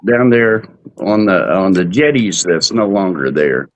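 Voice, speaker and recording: A man, co-hosting a live cruise talk show, telling folksy stories in a relaxed, unhurried way. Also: low-pitched. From Texas. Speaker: podcast co-host. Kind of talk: casual chat, storytelling.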